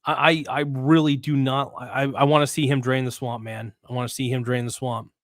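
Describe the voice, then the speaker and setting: A man hosting a casual livestream in a dry, close-sounding room, his pitch sitting right in the middle for a man. He talks bluntly and loosely, with slang and swearing. He reads viewer comments aloud and rambles, restarting sentences as he goes. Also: level tone, fairly quick, no echo. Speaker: livestream host.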